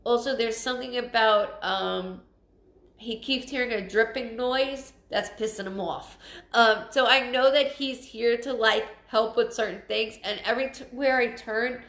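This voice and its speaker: A woman giving a live psychic reading, earnest and emotional, halting and often restarting her sentences. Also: a little high, a bit bright, echoey room. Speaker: psychic medium. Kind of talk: live-streamed spirit reading.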